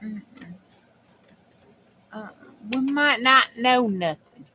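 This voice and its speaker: A woman hosts a crafting channel and chats casually in a folksy, homespun way with herself and her viewers as she works. Her voice is fairly high and slow, with long pauses, and background noise can be heard.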